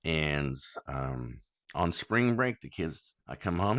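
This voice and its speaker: A man talking straight to his listeners as a worried, angry father, blunt and full of ums. His voice sits very low but swings widely in pitch. The sound is dry and close. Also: very animated, slow, a bit bright, no room sound. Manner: frank, blunt, frequent ums and swearing; indignant, complaining. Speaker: father making a public plea. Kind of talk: monologue to listeners.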